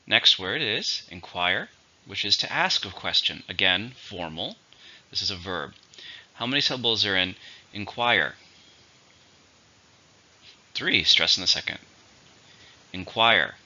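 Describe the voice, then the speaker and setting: A man's voice: deep voice, lively intonation, measured pace, long pauses, sharp tone. A man teaching English vocabulary in a methodical way, saying each word, counting its syllables and giving an example sentence. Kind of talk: vocabulary lesson. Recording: dull lo-fi audio.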